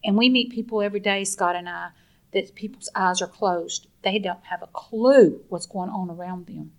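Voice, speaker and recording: An earnest woman speaking in a middle-pitched voice. She talks with deep feeling, stumbling and restarting now and then. The delivery is heartfelt and unpolished. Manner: earnest, emotional, halting with restarts. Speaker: guest, mother of the subject. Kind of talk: emotional phone-in interview.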